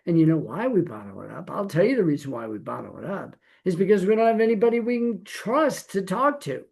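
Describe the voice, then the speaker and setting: A man's voice: high-pitched, big pitch swings, brisk, gravelly, darkish tone, slightly rough. A middle-aged man teaching Torah in a conversational sermon, folksy and playful, full of rhetorical questions.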